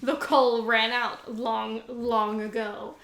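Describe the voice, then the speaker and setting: A woman's voice: a little high, little pitch movement, slow pace, a bit bright, echoey room. A woman voicing an old male professor coldly justifying himself, in a casual podcast retelling. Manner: matter-of-fact justifying.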